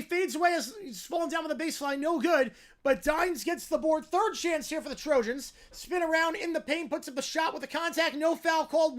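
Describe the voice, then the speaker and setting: A livestream host who talks fast, calling a basketball game play by play while answering chat, and getting louder on big plays. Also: sits high. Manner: fast-talking.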